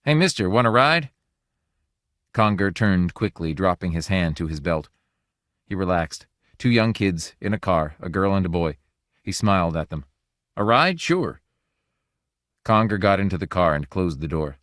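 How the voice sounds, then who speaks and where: A male audiobook narrator reading a story in a measured, even way. His voice is low and deep, recorded close in a dry booth. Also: dry recording. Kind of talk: scripted narration.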